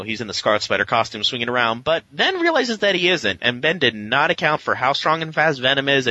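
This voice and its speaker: A man talking through a comic book issue in a loose, rambling podcast chat, now and then popping into a quick voice for a character. His voice is very bright and forceful. The recording is dry and a little dull. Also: medium pitch, no room sound. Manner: rambling recap, with animated quoted voices. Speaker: podcast co-host.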